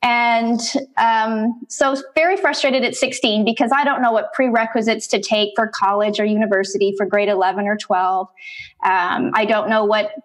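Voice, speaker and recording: A middle-aged woman, an interview guest, telling her life story in conversation, animated and acting out bits of past dialogue. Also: fairly high pitch, moderate pace.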